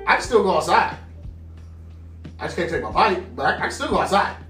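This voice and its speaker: A man's voice: sits high, a little fast. A man co-hosting a casual podcast, telling stories from his childhood and acting out his parents' lines. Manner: animated, acts out quoted parents and friends. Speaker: podcast co-host. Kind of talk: casual storytelling chat. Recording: roomy sound from a distant mic with faint music.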